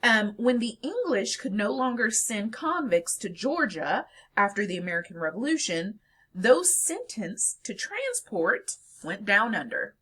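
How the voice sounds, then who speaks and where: Lecturer, female, bright and slightly husky voice, animated delivery, explanatory. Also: mid-range voice, unhurried. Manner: explanatory, lively, with fillers. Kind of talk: recorded lecture.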